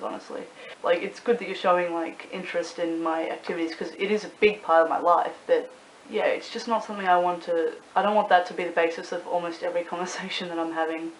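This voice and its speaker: A young woman with an Australian accent, rambling casually to camera in a vlog, swearing freely and filling pauses with ums and likes. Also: fairly low pitch. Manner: chatty, swears freely, rambling with many fillers. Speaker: YouTuber and club promoter. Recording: echoey room with faint hiss.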